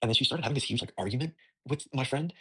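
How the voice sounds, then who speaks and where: A man's voice: mid-range voice, very fast, sharp tone, breathy edge. A young man casually retelling a dispute in a rambling way, full of "like" and nervous laughs. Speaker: voice recording clip.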